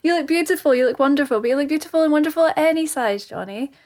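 A woman co-hosting a podcast in casual chat, teasing her partner with quick laughs and playful quips. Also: high-pitched, lively intonation, darkish tone. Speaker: podcast co-host.

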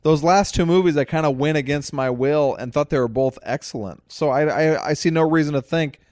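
A man's voice: a little high, fairly quick, a little mellow, no room sound, studio quality. A man co-hosting a casual movie review podcast, ranting bluntly and indignantly with crude words. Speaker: podcast co-host.

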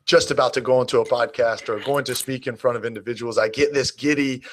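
A man's voice: mid-range voice, fairly even intonation, fast, fairly bright tone, slight background noise. A man hosting a podcast, enthusiastic and affirming as he responds to his guest and asks questions. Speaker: podcast host. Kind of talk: podcast interview conversation.

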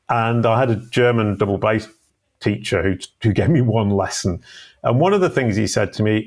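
Male podcast host, lowish voice, chatty storyteller. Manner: chatty storytelling, quick asides. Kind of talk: casual podcast conversation.

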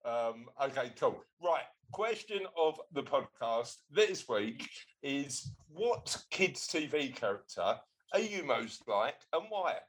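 Male podcast host, casual and playful, lively animated delivery. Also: medium pitch, takes it slowly, slightly rough, rough recording. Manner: playful, teasing, laughs often. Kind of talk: casual chat.

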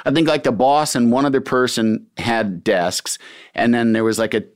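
A man's voice: medium pitch, fairly even intonation, moderate pace. A man hosting a casual chat, talking bluntly and swearing freely.

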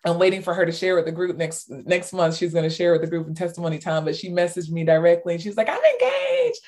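A woman author as an interview guest, telling stories with lots of fillers and bursts of excitement. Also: lowish voice, fast, a little hiss or hum. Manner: animated storyteller, many fillers, squeals in retold cheers. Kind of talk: casual interview talk.

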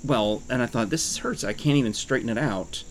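A man's voice: medium pitch, a little fast, slight background noise. A man co-hosting a casual chat, joking and rambling through stories. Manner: joking, rambling, lively storyteller. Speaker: podcast co-host. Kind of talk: casual chat with a live-read ad.

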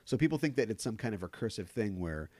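Casual podcast co-host, man, low-pitched, lively and jokey, dry close mic. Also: quick pace, no room sound. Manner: animated, joking, pitch swings upward for emphasis. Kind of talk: casual chat.

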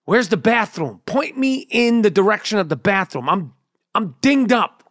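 A man's voice: high voice, animated, normal speed, fairly bright tone, no echo, studio quality. A man hosting a podcast, telling a rambling, profane, comedic story in casual chat. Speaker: podcast host.

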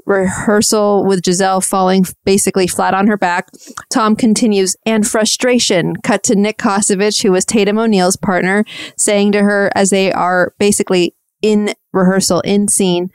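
A soft-spoken woman in her thirties hosts a podcast and tells an old story in a chatty, self-deprecating way. Her voice is smooth and clear, and the recording is dry and close with no room sound. Her pitch sits in a middle range. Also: dry recording. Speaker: podcast host. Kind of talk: casual storytelling recap.

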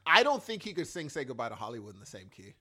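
A man in his forties chats casually, telling emotional stories and acting out what people said with animated energy. His mid-range voice is slightly rough and very fast.

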